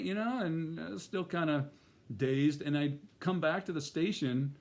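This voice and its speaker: A man's voice: fairly high pitch, measured pace, a little mellow. A middle-aged man telling a personal story in a casual, rambling way, full of fillers and restarts. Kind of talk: first-person spoken storytelling.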